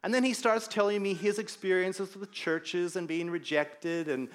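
A middle-aged man, a pastor preaching a sermon and telling stories in an animated way. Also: sits high, moderate pace. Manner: animated storyteller, acts out quoted voices. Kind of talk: sermon with personal anecdote.

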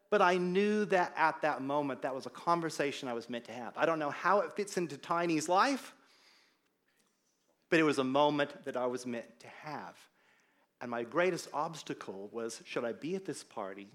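A middle-aged man, a pastor preaching a sermon and telling stories in an animated way. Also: mid-range voice. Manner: animated storyteller, acts out quoted voices. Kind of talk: sermon with personal anecdote.

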